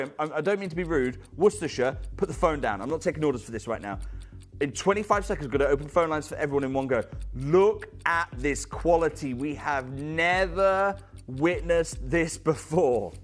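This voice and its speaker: A man presenting a live shopping channel sale, urgent and persuasive, calling out viewers by name. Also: a little high. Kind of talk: fast live sales pitch. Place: TV studio.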